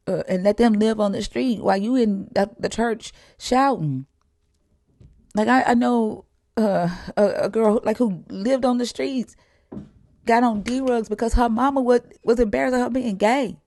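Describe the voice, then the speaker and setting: A woman's voice: fairly high pitch, unhurried, mellow, no room sound, clean studio sound. A woman telling stories in a blunt, profane, heated way, in candid conversation.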